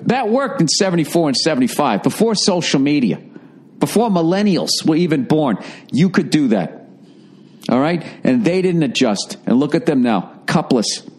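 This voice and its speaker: A man's voice: on the high side, big pitch swings, moderate pace, a little mellow, husky. A man hosting a podcast, riffing solo in a profane, rambling, sarcastic monologue. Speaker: podcast host. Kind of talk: casual comedic monologue.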